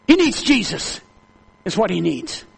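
A man preaching a sermon to a congregation, calling for amens, swinging between loud high exhortation and low hushed storytelling. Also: big pitch swings, a little slow, gravelly, slightly rough. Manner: calls for amens, reads aloud to the congregation.

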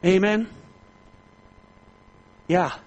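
A man preaching a sermon with fervent, repetitive delivery that climbs into loud, high-pitched exclamations. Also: drawn-out words, low-quality recording.

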